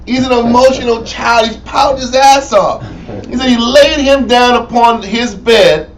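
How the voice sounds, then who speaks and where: A man's voice: very high-pitched, unhurried. A man leading a casual bible study, joking and slangy, recorded from a distant mic. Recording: distant mic with background noise.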